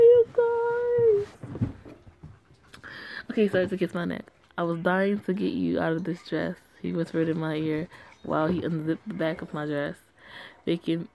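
A woman reads a story game aloud and talks back at its characters in blunt, profane asides. Her voice sits low with a gravelly fry. The delivery is casual, like a play-through. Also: a little mellow, slight background noise.

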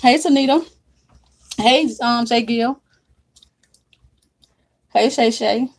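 A woman's voice: a little high, slow pace. Woman, livestream host, casual chat, drawling, greets viewers by name, at home. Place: home, at her makeup desk.

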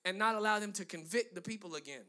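A high-pitched man delivering a sermon in a bright, cutting tone. He builds emphatic runs of phrases, then turns to chatty asides aimed at his listeners. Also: fast talker. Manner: emphatic preaching with rising, driving lists; conversational asides to the congregation. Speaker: pastor.

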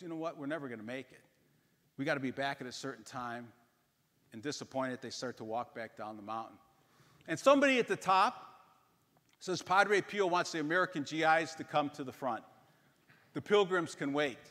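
Animated male storyteller in a reverberant church. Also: fairly high pitch. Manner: animated storyteller acting out quoted voices. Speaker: parish mission speaker. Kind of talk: storytelling talk.

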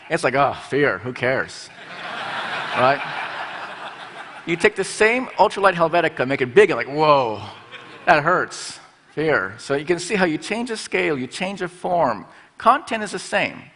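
A man's voice: on the high side, a bit bright. A middle-aged man giving a conference talk on stage as a design school president, playful and acting out little voices. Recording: long hall reverb.

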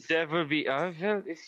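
A man's voice: fairly high pitch, a bit bright, no room sound. A man playing a tabletop game, teasing and laughing through casual banter. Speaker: player.

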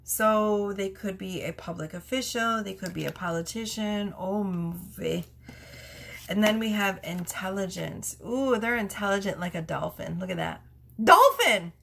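A woman's voice: medium pitch, moderate pace, creaky. A woman doing a casual tarot reading, chatty and prone to fits of laughter. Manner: giggly, chatty, laughs through her words. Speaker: tarot reader.

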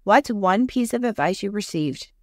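A young adult woman co-hosting a podcast in casual chat, talking fast with lots of "like" and acting out quotes. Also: mid-range voice, expressive, no echo, clean studio sound. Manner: chatty, fillers like "like", acts out quotes. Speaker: podcast co-host.

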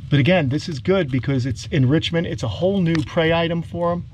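A man's voice: a little high, steady tone, a little fast, a little mellow, slight background noise. A man with a New York accent hosting a casual outdoor vlog, explaining animal care enthusiastically and coaxing the lizards along like pets. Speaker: reptile keeper and channel host.

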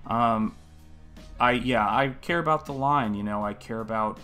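A man's voice: medium pitch, a little slow, sharp tone, soft background music. A man hosting a live painting stream, talking in a casual, earnest, musing way and greeting viewers in the chat by name.

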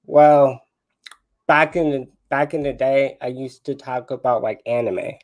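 A man in his twenties, a guest on a panel, explaining things in an unhurried, reflective way. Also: mid-range voice, steady tone, highs cut off. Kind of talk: casual conversation.

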